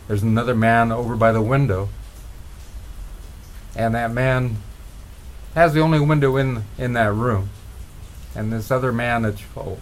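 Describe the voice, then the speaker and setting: A middle-aged man telling motivational stories in a relaxed, rambling way, with frequent restarts. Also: medium pitch. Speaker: motivational speaker. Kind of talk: motivational storytelling.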